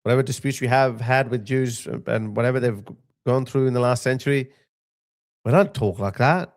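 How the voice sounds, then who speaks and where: A man's voice: mid-range voice, moderate pace. A man in his thirties giving an opinionated live-stream monologue as a political commentator, emphatic and heated, often restarting and repeating his phrases.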